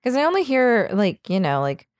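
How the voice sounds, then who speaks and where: A woman's voice: fairly high pitch, big pitch swings, normal speed, dry recording, clean studio sound. A woman co-hosting a podcast in casual chat, rambling, laughing often and swearing freely. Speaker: podcast co-host.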